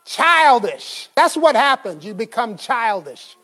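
A man's voice: very high-pitched, very animated, slow pace, sharp tone, big-room sound. A man preaching a sermon in a conversational way, quizzing the congregation and laughing often. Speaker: pastor.

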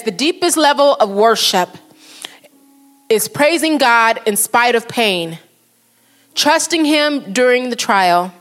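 A woman preaching a sermon to a congregation, speaking earnestly and slowing down for quotes and prayers. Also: fairly high pitch.

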